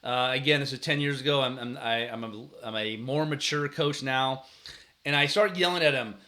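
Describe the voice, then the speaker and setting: Speaking at medium pitch and a normal pace, a youth sports coach hosts a relaxed advice show for coaches and parents. He tells stories earnestly, often restarts his sentences, and acts out how he used to yell at players.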